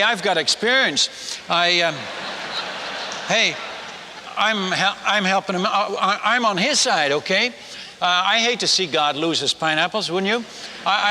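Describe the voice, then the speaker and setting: A missionary preaches, telling his story with animated, self-mocking humor and frequent stammered restarts. His voice is high and very bright, trailed by the long reverb of a large hall, with slight background noise underneath.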